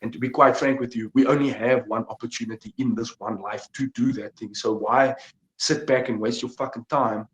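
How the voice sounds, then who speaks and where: A young man talks in a middle-pitched voice that sits in an echoing room. He speaks emphatically, swears freely and pushes his points hard, like a fighter giving advice as a podcast guest. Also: fairly even intonation, brisk. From South Africa. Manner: emphatic, profane motivational talk. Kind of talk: casual podcast interview. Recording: echoey room.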